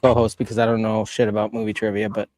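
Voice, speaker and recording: A man's voice: fairly low pitch, completely flat delivery, fast, a little mellow, dry recording. A man joining a live stream as co-host, chatting casually and swearing easily. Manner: laid-back, profane, laughing. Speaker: co-host guest.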